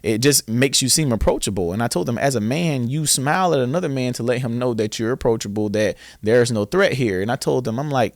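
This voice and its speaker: Brisk and animated with hardly any pauses, a young Southern American man talks in a medium-pitched voice in clean studio sound with no echo. He founded a boys' school and, as a podcast guest, tells his story earnestly while acting out his past questions.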